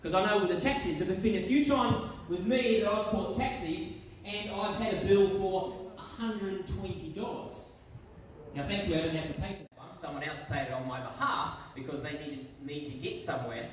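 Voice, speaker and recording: A man's voice: sits high, normal speed, slight background noise. Chatty New Zealand man in a hall. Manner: chatty, acts out scenes in little voices. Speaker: guest speaker. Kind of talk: school worship talk. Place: large school hall. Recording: echoey hall from far off.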